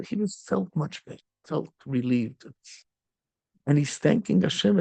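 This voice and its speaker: Rabbi storyteller, male: strongly gravelly, mellow tone, dry close sound, animated telling sprinkled with Yiddish. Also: on the high side, a little slow, dry recording. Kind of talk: storytelling sermon.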